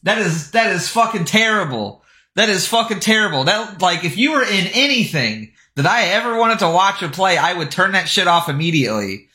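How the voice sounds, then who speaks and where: Bright, roomy-sounding young streamer man. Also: high-pitched, big pitch swings, moderate pace. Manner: scornful, swearing, breaks into laughter. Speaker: streamer reacting to posts and videos. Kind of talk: casual crude reaction commentary. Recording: roomy echo.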